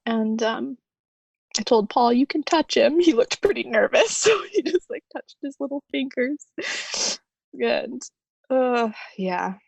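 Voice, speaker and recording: A woman guest telling her own story in an emotional interview, tender, with soft laughter through tears. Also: a little high, expressive, unhurried, creaky, slightly rough, no room sound.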